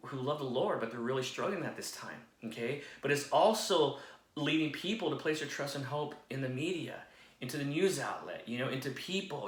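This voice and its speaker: An earnest man delivers a devotional sermon in a steady mid-range voice. He checks in with his listeners again and again. A roomy echo surrounds his speech. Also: mid-range voice. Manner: earnest, repeats "okay?" to check in. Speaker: devotional speaker.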